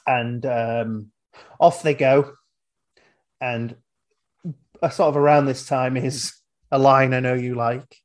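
A man's voice: mid-range voice, steady tone, takes it slowly, long pauses. A male podcast host in casual film chat, who rambles and retells scenes.

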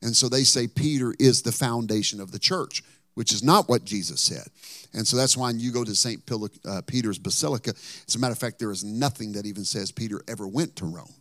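A male pastor preaching a sermon, telling Bible stories dramatically and rising to loud bursts. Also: fairly low pitch, a little fast, dry recording.

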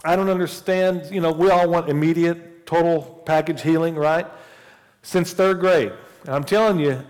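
A man's voice: fairly high pitch, fairly even intonation, moderate pace, darkish tone, long reverb tail. A man in his forties preaching a sermon in church as the pastor, telling a casual personal story before building to fervent preaching. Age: 40s. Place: church sanctuary.

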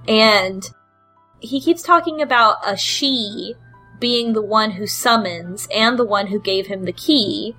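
A woman hosts a relaxed podcast conversation, walking through a game with plenty of hesitations and filler words. Her voice is bright and forward, and her asides are cheeky and irreverent. Soft music sits faintly underneath. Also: medium pitch, low-quality recording. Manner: rambling, hesitant, with frequent ums and laughs. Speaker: podcast host recapping a game. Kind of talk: casual chat.

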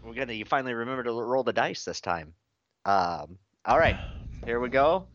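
A man's voice: mid-range voice, a little fast, crowd noise. A man co-hosting a comedy podcast in casual chat, laughing easily and reacting with gushing praise. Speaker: podcast co-host. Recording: dry, dull lo-fi podcast audio.

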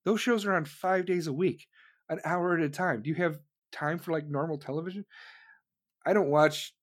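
Man, show host, profane rant, mocking, slightly high voice. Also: moderate pace. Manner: loud, animated, heavy swearing, mocking voices. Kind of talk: profane rant on a talk stream.

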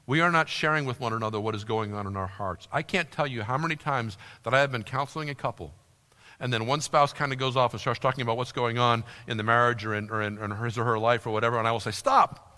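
A man preaching a sermon in an earnest way, acting out quoted voices with big jumps in pitch. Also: quick pace, pushed and bright. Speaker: pastor. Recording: long reverb of a large hall.

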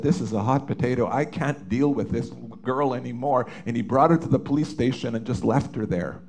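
This middle-aged Canadian man recounts a family story in personal testimony, sincere and moved, stumbling and restarting often as a father. He speaks at a medium pitch with a slightly mellow quality.

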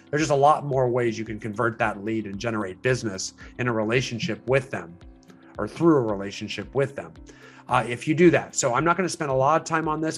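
A man's voice: medium pitch, fairly bright tone. A man teaching a sales training session to real estate agents, explaining in a conversational way with frequent restarts and fillers.

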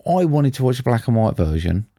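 A man's voice: medium pitch, big pitch swings, a little fast, mellow, no echo. A man co-hosting a casual film review podcast, matter-of-fact and dry in manner. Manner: dry, matter-of-fact, says "mate" often. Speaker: podcast co-host.

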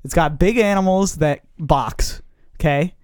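A man co-hosting a casual podcast, going off on animated, rambling tangents. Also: fairly high pitch, unhurried, clean tone, dry recording, studio quality. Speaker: podcast co-host. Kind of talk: casual chat.

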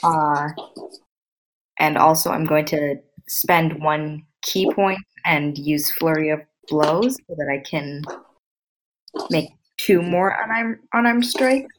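A woman playing in a tabletop game, calm and matter-of-fact about her rolls. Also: low voice, slow. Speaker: player. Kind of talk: casual chat, tabletop game.

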